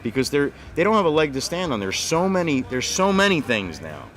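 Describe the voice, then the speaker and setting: A man's voice: fairly high pitch, big pitch swings, a little fast, a bit bright, soft background music. A man hosting a livestream, talking politics in a casual, profane and heated way. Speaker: livestream host.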